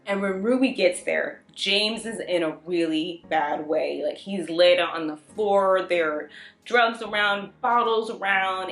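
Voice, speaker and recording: A woman casually recapping and reviewing TV episodes in an animated way, often acting out the characters' lines. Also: medium pitch, reverberant. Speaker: TV review vlogger.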